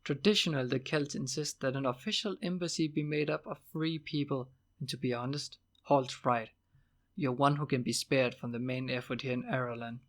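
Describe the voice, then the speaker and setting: A man voicing a brisk young male ranger in an audiobook, crisp and matter-of-fact. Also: mid-range voice, lightly acted. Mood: earnest.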